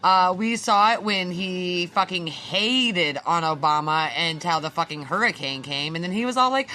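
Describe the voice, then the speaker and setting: A woman co-hosting a casual podcast, ranting with lots of swearing and quick laughs. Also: lowish voice, animated, pushed and bright, a little hiss or hum. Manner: profane, ranting, laughs easily. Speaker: podcast co-host. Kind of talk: casual chat.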